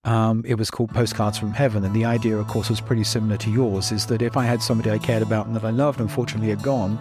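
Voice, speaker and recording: A man, a band's composer, talking thoughtfully with many pauses and ums. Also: on the low side, little pitch movement, music in the background. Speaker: composer in a band. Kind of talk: podcast conversation.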